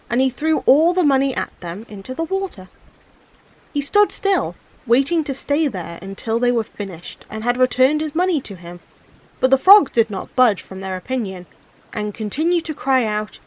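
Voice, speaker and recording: Animated woman reading a fairy tale. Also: sits high, normal speed. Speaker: audiobook reader. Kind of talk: storybook narration.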